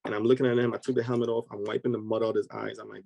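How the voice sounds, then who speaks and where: Animated man telling a dramatic story. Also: fairly low pitch, fast talker, gravelly, hardly any pauses, dry recording, low-quality recording. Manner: vivid, acts out voices of people in his story. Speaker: podcast guest.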